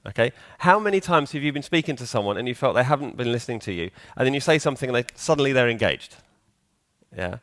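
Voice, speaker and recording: A man's voice: mid-range voice, expressive, fast, a bit bright. A man giving a live conference talk in a hall, chatty and joking, quizzing the audience. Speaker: conference speaker.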